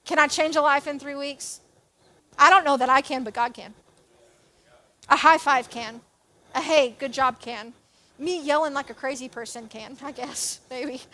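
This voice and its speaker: Young woman youth leader, high pitch, casual self-mocking sermon delivery. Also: normal speed, long pauses. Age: young adult. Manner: chatty, self-deprecating, animated with jokes and asides. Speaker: church youth and kids leader.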